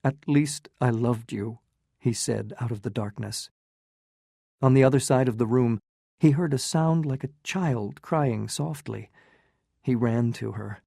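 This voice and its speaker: Male audiobook narrator for learners; measured, slow, warm-toned read. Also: medium pitch, creaky, no echo, clean studio sound. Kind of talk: slow graded-reader narration.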